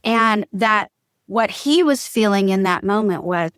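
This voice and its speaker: A woman's voice: mid-range voice, a little slow, smooth, no room sound, studio quality. A woman, a marriage coach telling stories in a podcast chat and acting out the lines of the people in them. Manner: animated storyteller acting out quotes. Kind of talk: casual storytelling chat.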